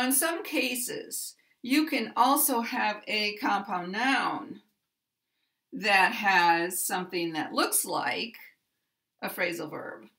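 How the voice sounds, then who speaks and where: An American woman teaching pronunciation, speaking deliberately and repeating example sentences with clear stress. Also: medium pitch, a bit bright.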